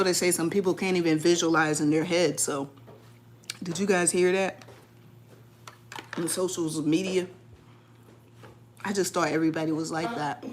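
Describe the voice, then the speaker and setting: Woman vlogger, teasing live-chat talk, lowish voice, faint noise behind. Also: darkish tone. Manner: playful, teasing, laughs often. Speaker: vlogger chatting with live viewers. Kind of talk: casual live-stream chat.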